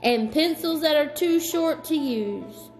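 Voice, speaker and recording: A woman's voice: high voice, expressive, takes it slowly, soft background music, pitched above the performer's own voice, heavily acted. A woman voicing a silly, fretful old male owl in a storybook read-aloud, exclaiming in a raised put-on voice. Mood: sad.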